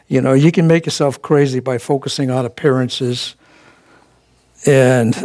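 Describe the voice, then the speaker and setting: At a spiritual center, a spiritual practitioner gives a casual, folksy sermon, chuckling along with many fillers and restarts. His mid-range voice is a little mellow.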